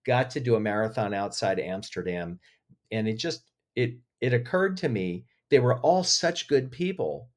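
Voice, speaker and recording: A man speaking as a podcast guest, telling stories with feeling and lively emotion in an interview. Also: medium pitch. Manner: emotional, animated storyteller. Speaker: podcast guest, agency head. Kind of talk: interview conversation.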